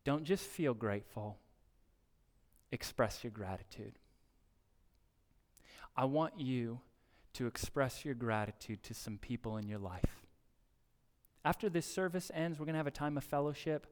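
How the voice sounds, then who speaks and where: Male pastor, mid-range voice, earnest sermon delivery that rises into excited exhortation; sanctuary reverb. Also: medium pitch, a little slow, long pauses. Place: church sanctuary during a service.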